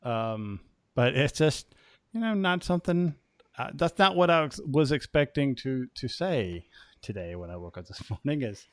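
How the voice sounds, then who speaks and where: Man, American, podcast host, casual rambling chat, lots of fillers, mid pitch, dry close sound. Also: expressive, moderate pace, no room sound. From United States. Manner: rambling, many restarts and fillers.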